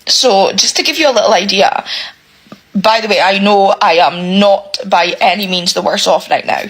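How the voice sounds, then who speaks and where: A British woman rants to camera, her voice husky and a little breathy. She swears hard and circles back over the same words. She sounds close to tears, at a medium pitch. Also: normal speed, fairly bright tone, low-quality recording. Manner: swears heavily, repeats herself. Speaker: single parent vlogger. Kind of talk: emotional rant to camera.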